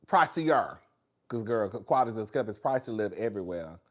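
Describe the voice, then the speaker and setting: A man's voice: on the low side, expressive, fairly quick. A man hosting a casual chat with viewers in a gossipy, chatty way, calling everyone "girl" and laughing often. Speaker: host.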